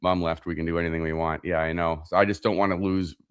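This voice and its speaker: A man from Canada with a very low voice takes over a casual livestream from his home. He chats with viewers in a relaxed, rambling way, and his voice sounds dry and close to the mic. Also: fast, clean tone, no room sound. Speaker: host's husband filling in.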